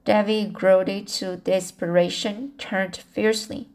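A woman reads a classic novel aloud at a slow, unhurried pace. She stumbles now and then and restarts phrases. Her pitch sits in an ordinary middle range. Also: level tone, darkish tone. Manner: slow reading with restarts and slips. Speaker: audiobook reader. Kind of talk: amateur audiobook reading.

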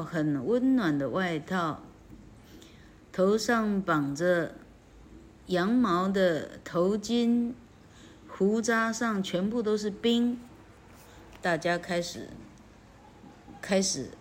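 A woman reading a classic story aloud and translating it as an English teacher, in a lively, chatty way. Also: medium pitch, a little hiss or hum. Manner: lively, chatty, self-correcting.

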